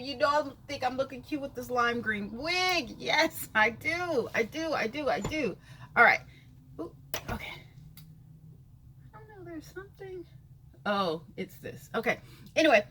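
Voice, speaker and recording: A woman's voice: high voice, animated, measured pace, long pauses, pushed and bright, a little hiss or hum. Sassy woman vlogger calling everyone honey. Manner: sassy, playful, calls viewers honey. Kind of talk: casual chat to camera. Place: home room by a sunny window.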